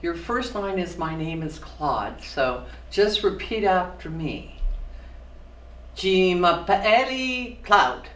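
A woman playing a friend who tutors French, slowly drilling syllables and losing patience. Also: deep voice, animated. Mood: coaching. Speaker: actor in a student film. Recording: echoey room from far off.

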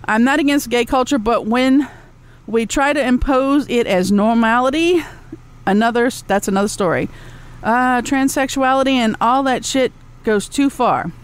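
A woman's voice: on the high side, normal speed, smooth. A woman hosting a podcast, ranting bluntly and sarcastically with lots of swearing and asides to her chat room. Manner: talks back to a chat room. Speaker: podcast host. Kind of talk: ranting solo podcast talk.

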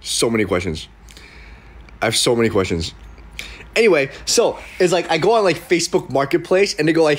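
A young man chatting on a livestream, his voice sitting a little high for a man. He tells his stories in loose bursts, looping back through fillers and false starts, and acts out the people he quotes. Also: animated, fairly quick. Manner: rambling storytelling with many fillers and restarts. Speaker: livestream host. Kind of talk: casual livestream chat.

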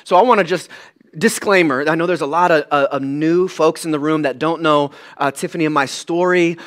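A pastor, a man around his thirties, preaching a candid, self-deprecating sermon in an animated way. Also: on the high side, a little fast. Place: church sanctuary.

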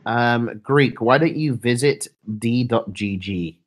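A man's voice: medium pitch, slow. A young man streaming, chatting casually and reading his chat aloud in a laid-back, mumbling way.

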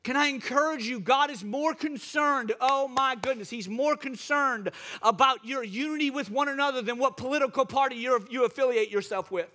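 A man's voice: extremely high pitch, moderate pace, few pauses, bright, forceful tone. A male pastor preaching a sermon with impassioned, repetitive exhortations.

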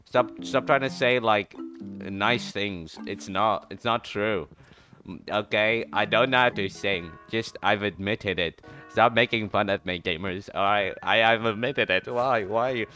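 A man's voice: lowish voice, a little slow, pushed and bright, faint music behind. A man streamer giving casual, playful commentary while playing a game, often jumping into mock trash talk.

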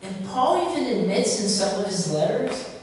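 A woman pastor giving a conversational sermon, lively and full of rhetorical questions. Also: mid-range voice, moderate pace, a little hiss or hum. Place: church sanctuary. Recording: echoey church hall from far off.

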